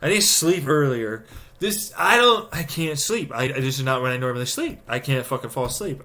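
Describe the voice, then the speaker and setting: Young male streamer, bright tense voice, profane ranting chat, mid pitch. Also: normal speed. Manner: animated, profane, ranting, acting out exasperated inner voices. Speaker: livestreamer. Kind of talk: casual rant to stream chat.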